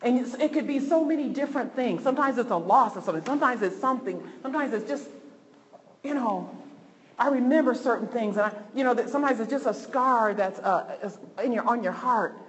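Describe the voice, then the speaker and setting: A woman's voice: fairly high pitch, expressive, a little fast. A woman preacher delivering a fervent sermon, repeating phrases for emphasis. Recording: long hall reverb, faint noise.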